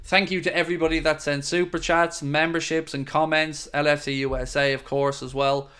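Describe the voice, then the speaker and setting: Chatty man with a smooth voice. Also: on the high side, level tone, fairly quick, sharp tone. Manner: chatty and friendly, with frequent fillers. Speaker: fan channel host. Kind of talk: casual live-stream chat reading viewer comments.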